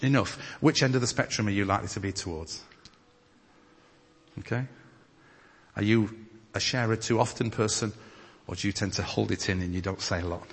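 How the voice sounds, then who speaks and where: A man from northern England preaching and leading group discussion in a church hall, lively and emphatic as he reads scripture. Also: on the low side, slightly rough. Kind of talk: teaching sermon with group discussion. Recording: long hall reverb.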